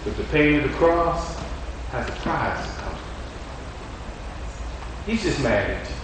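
A man preaching a sermon in a high voice, talking to the congregation and repeating phrases as he builds up and then drops low. He is picked up from a distant mic in a very echoey hall, with faint noise underneath. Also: animated, a little slow. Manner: conversational preaching, repeats phrases, rises and quiets.

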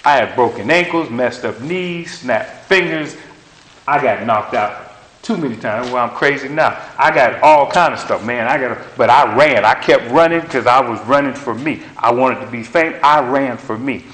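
A man preaching a sermon in a roomy, echoing space, with an emphatic, repetitive cadence. He sits at an ordinary middle pitch and drives home short phrases again and again. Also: moderate pace, fairly bright tone. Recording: roomy echo.

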